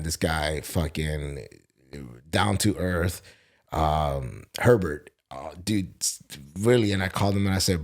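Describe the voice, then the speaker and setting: Podcast host, male, very low register, casual and profane storyteller. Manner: profane, animated storytelling with acted quotes. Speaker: podcast host, Marine veteran.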